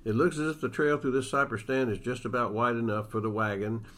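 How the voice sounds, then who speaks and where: A man reading aloud as an adult frontier cattleman scout, in a drawling, measured way. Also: mid-range voice, fairly even intonation, fairly bright tone, lightly acted. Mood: steady.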